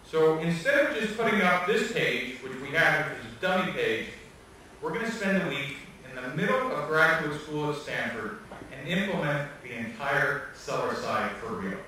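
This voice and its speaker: A man giving an animated, joking lecture, telling stories and laughing often, recorded from far off in a hall. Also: a little high, normal speed, a little hiss or hum. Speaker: guest speaker. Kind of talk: lively lecture storytelling.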